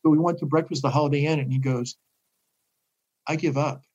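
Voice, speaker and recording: Older man, animated storyteller. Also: fairly high pitch, brisk, muffled recording. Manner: animated storyteller, acts out quoted voices. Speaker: guest. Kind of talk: casual interview talk.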